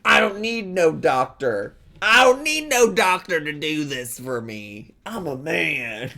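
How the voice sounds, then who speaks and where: A man's voice: on the high side, sing-song, slow, gravelly, pushed and bright, exaggerated voice. A man putting on a boastful, exaggerated voice of a bragging macho man who shows off his toughness.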